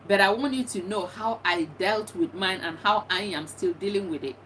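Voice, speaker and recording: Speaking at normal speed with a medium pitch and a fairly bright tone, this middle-aged bereaved mother shares her personal testimony. She offers earnest encouragement and frequently repeats herself, recorded on a distant mic with faint noise behind her.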